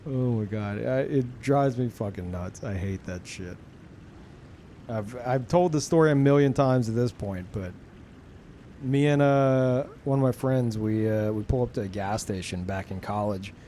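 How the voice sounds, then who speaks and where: A young man streams a game and chats casually with his viewers, rambling in a laid-back, profane way. His voice sits at medium pitch with a warm tone and a measured pace, and there's a faint hiss or hum in the background.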